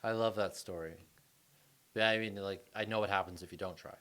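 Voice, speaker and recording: A man's voice: fairly low pitch, fairly even intonation, brisk, bright, forceful tone. A man hosting a casual podcast conversation, laughing often and swearing freely. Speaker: podcast host.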